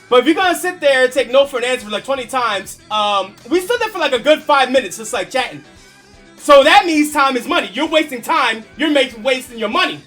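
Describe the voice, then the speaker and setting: Man, streamer, very high voice, bright tone, casual storytelling, animated, chuckles, swears, faint music behind. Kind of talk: casual storytelling chat to viewers.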